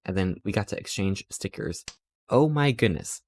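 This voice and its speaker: A man's voice: lowish voice, lively intonation, moderate pace, darkish tone. A man streaming live, telling stories in a rambling, playful way and acting out quotes. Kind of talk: casual chat while streaming.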